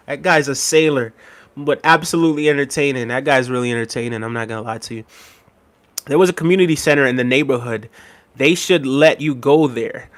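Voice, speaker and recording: A man's voice: medium pitch, a little fast. A young man casually chatting with his livestream viewers, rambling and laughing often as he reads their comments. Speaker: livestream host.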